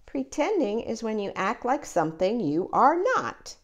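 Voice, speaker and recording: A woman's voice: a little high, big pitch swings, unhurried, pitched below the performer's own voice. A woman reading aloud, voicing a cheerful, playful young female pig who explains things confidently. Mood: patient. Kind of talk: picture book read-aloud.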